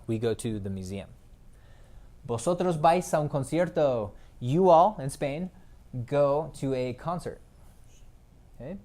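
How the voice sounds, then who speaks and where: A man's voice: medium pitch, expressive, measured pace, mellow. A man teaching a recorded Spanish grammar lesson, explaining step by step and checking in with the class.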